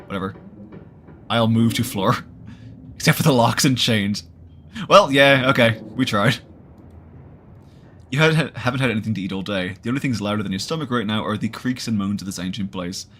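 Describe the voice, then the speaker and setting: A man's voice: on the low side, moderate pace, pauses often, fairly bright tone, a little hiss or hum. A man streaming a horror visual novel, reading the narration aloud and adding jokey asides.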